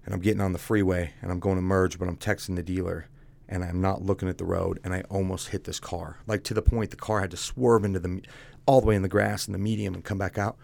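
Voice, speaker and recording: A man's voice: low-pitched, little pitch movement, fast talker, vocal fry, a little mellow. A man telling his own story as a guest, speaking bluntly and casually and calling the host "dude".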